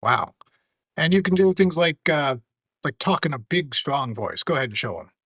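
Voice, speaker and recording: A man teaching a lesson about AI tools with a live demo, measured and earnest. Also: a little high, sing-song, vocal fry, a bit bright, breathy edge, no room sound. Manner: measured, earnest, some fillers.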